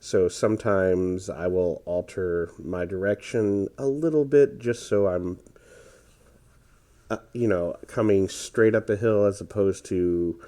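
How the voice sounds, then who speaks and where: A man with a low, unhurried voice commentates his gameplay in a loose, rambling way. He sounds tired and hesitant, padding his thoughts with fillers, and his tone is dark and mellow. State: tired, yawning. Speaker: gaming commentator.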